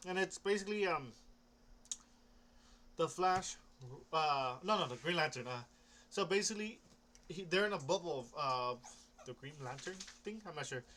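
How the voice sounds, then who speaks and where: Young guy, casual rambler, slightly higher pitch, faint hiss behind him, lots of false starts. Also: animated, normal speed, pauses often, pushed and bright. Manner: rambling, hesitant, with many restarts and casual swearing. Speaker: comic book vlogger.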